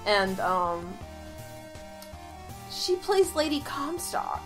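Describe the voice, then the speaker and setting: A young woman co-hosting a podcast in casual chat, gushing excitedly and swearing freely. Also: medium pitch, extremely slow. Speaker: podcast co-host. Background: faint background music.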